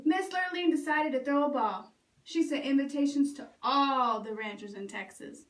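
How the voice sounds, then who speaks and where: A woman librarian reading a picture book aloud for children in a lively, expressive way. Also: high-pitched, normal speed, distant mic. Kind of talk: storytime read-aloud. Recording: roomy echo, away from mic.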